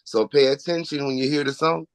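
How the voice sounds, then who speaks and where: A recording artist from Washington, D.C. talks about his music in an interview, casual and upbeat, with a local accent and frequent chuckles as he promotes himself. His voice is a little high and steady, a little fast. There's no room sound, but the recording quality is low.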